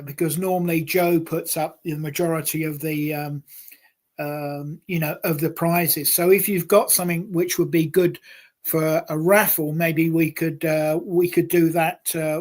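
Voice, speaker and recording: A man hosting a live stream, talking casually with many hesitations and restarts. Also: a little high. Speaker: host.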